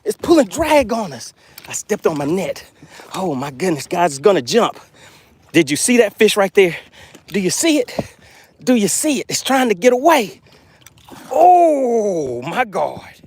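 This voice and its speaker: A breathless man hosting a live fishing stream outdoors, excitedly repeating catchphrases and calling out to his chat. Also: high voice, moderate pace, husky. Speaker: fishing channel host. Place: outdoors by the water.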